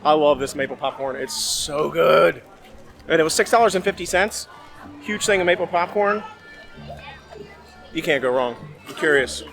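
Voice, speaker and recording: A man's voice: on the high side, normal speed, creaky, pauses often, a bit bright, faint music behind. A man hosting a casual theme park food vlog, chatty and laughing often as he talks. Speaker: vlog host. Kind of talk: casual food review chat.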